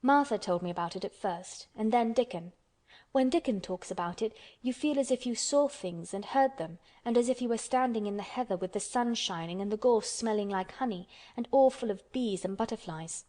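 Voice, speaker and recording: A woman's voice: a little high, normal speed, mellow, lightly acted. A woman voicing a stubborn, contrary orphan girl who speaks bluntly and obstinately.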